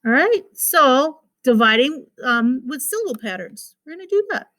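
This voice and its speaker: A woman's voice: high voice, big pitch swings, a bit bright. Patient woman teacher sounding out syllables. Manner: patient, repeats words slowly, sounds out syllables. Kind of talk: recorded phonics lesson for children.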